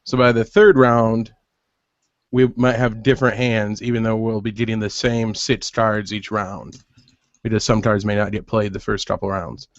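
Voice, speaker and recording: A man who designs games, calmly walking people through rules with frequent pauses. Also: fairly low pitch, no echo. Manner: patient, methodical, with frequent "uh" pauses. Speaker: game designer guest. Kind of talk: explaining game rules on a video call. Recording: muffled web call audio.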